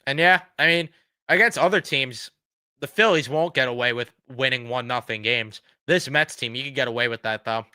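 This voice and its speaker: A man hosts a fan reaction stream, blunt and sarcastic in his frustration, with his voice going hoarse. His tone is bright and smooth. The recording is close and dry. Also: medium pitch, normal speed, no room sound. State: losing his voice. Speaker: sports fan show host.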